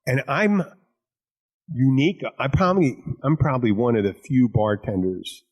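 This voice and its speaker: A man's voice: medium pitch, big pitch swings, normal speed, a little mellow. A man hosting a podcast, a bartender telling rambling stories full of crude jokes and restarts. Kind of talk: casual chat.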